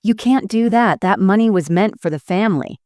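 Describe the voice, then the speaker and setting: A woman voicing a gruff older father who speaks flatly and curtly, in a dry recording. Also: medium pitch, moderate pace, no room sound, lightly acted. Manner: flat, curt.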